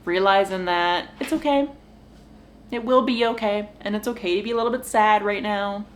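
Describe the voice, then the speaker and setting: Speaking at a normal speed in a mid-range voice, a young woman vlogger chats to the camera from her home kitchen floor against slight background noise. Her talk is casual and rambling, broken up by sighs, laughter, and remarks to her dogs.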